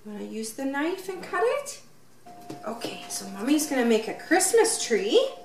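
Bright-voiced mom doing a toy vlog with her kid, bouncy sing-song, faint hiss behind. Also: sits high, sing-song, moderate pace. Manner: sing-song, encouraging, asks many questions. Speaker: parent filming play with her toddler. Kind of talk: unboxing and play vlog. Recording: roomy, from mic distance.

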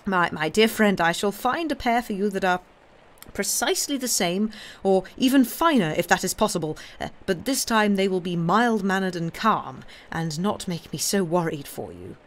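A woman reads aloud, voicing a flustered middle-aged male banker who stammers and tries to placate. She speaks at a moderate pace with lively intonation and medium pitch, pitched above her own voice yet close to an everyday voice.

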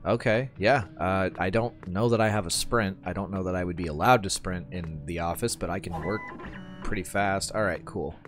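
A man giving casual gameplay commentary, relaxed and wry, thinking aloud as he plays. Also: low voice, normal speed, soft background music. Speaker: gamer, channel host.

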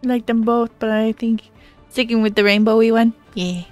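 A woman's voice: a little high, little pitch movement, normal speed, soft background music. A woman streaming a game, chatting casually and playfully with frequent laughter. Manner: giggly, playful. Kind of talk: casual gaming chat.

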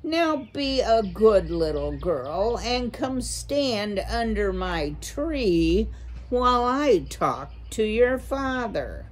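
A woman's voice: a little high, very animated, slow, voice pushed up, heavily acted. A woman voicing a menacing, snappish male horned owl in a read-aloud storybook. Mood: gruff, impatient. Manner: snarling, snappish.

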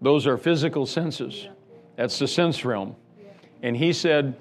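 A man's voice: medium pitch, slow, faint music behind. A man preaching a sermon as pastor, emphatic and fond of repeating words and building lists. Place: church sanctuary.

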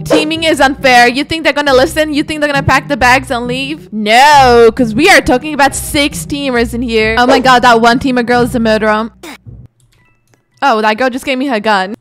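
Excitable high-voiced woman commenting on gameplay. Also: faint music behind. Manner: chatty, excitable, quick reactions. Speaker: gaming video host.

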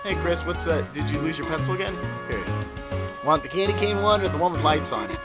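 A man's voice: on the high side, lively intonation, a little fast. A man giving casual let's-play commentary, joking, swearing and talking to the game's characters. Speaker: let's player. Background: game music.

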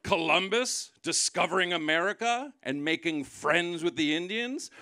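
A man doing live stand-up, sarcastic and mocking, with a bright, forceful voice. His pitch swings widely as he ramps into exaggerated rants. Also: lively intonation, moderate pace, dry recording, studio quality. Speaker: stand-up comedian. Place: live comedy venue.

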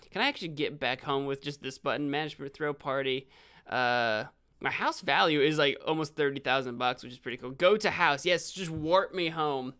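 A young man live-streaming a video game, rambling and correcting himself, with sudden excited outbursts. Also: a little high, a little fast, smooth.

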